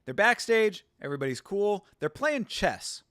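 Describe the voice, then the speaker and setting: A man's voice: high-pitched, very animated, normal speed, fairly bright tone, no room sound, studio quality. A man hosting a live watch-along stream, chatting casually, reading out chat and rambling through stories with restarts.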